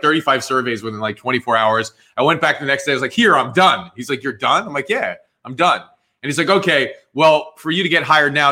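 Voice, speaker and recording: A man in his forties with a New Jersey accent, telling his story as an interview guest and acting out the dialogue, with "dude" and "man" thrown in. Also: mid-range voice. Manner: animated, acts out quoted dialogue, says "dude" and "man". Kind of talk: casual storytelling.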